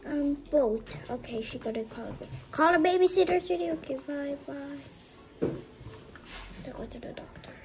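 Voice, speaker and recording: A woman with a high voice acts out a family pretend play, shifting from hushed whispers to excited calls. She speaks slowly and without hurry. Steady room noise sits clearly under the voice. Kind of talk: family pretend play acting out several characters.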